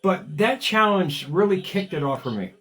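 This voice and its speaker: A man in his fifties with a high, slightly bright voice hosts a motivational radio talk show, speaking animatedly at a moderate pace. He's energetic and prone to digressions, often repeating words as he begins a thought.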